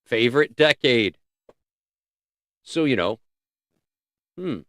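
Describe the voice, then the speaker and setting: A man's voice: mid-range voice, expressive, slow, no room sound, studio quality. Rambling, playful man hosting a livestream. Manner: rambling, playful, thinks out loud. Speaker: livestream host. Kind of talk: casual livestream chat.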